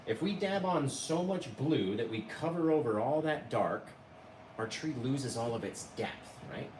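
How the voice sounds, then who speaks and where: A man's voice: mid-range voice, expressive, unhurried, distant mic. A man hosting a livestreamed painting lesson, talking to viewers in the chat in a chatty, enthusiastic way. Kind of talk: live painting tutorial. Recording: roomy echo, voice a bit off-mic, noticeable background noise.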